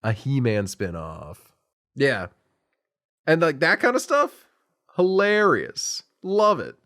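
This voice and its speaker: A man co-hosting a podcast in casual chat, animated and rambling, swearing freely as he tells stories. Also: mid-range voice, slow. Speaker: podcast co-host and editor.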